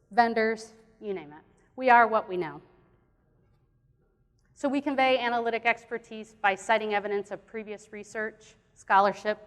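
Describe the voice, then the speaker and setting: A woman presents at a conference in an earnest, plainspoken way, with occasional fillers and restarts. Her voice sits at a medium pitch. The sound carries a long reverb from the hall. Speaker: conference speaker. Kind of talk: conference talk.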